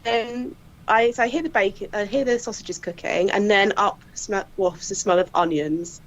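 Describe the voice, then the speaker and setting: A crime scene investigator, appearing as a guest, swaps casual work anecdotes in a bright, animated style, laughing and slipping into other people's voices as she quotes them. Her mid-range voice moves at a moderate pace, and the podcast audio comes across slightly dull.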